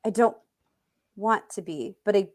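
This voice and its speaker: A woman's voice: medium pitch, a little slow, darkish tone. A woman co-hosting a podcast in casual chat, candid and swearing freely. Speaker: podcast co-host.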